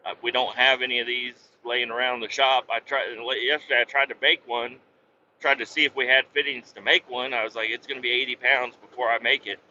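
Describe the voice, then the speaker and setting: Guy with a real sharp bright voice just venting about work, cussing, keeps restarting, kinda dull muffled audio. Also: medium pitch, level tone, fairly quick. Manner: blunt, swears freely, rambling with many restarts. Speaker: podcast host telling a work story. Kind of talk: casual storytelling monologue. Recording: dull lo-fi sound with faint vehicle hum.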